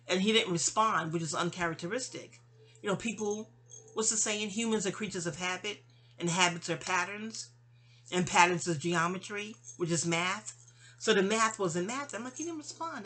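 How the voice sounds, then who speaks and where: A woman with a lowish, pushed, bright voice vents through a personal story as a vlogger, rambling and chatty, acting out what people said to her. It's an audio-only home recording.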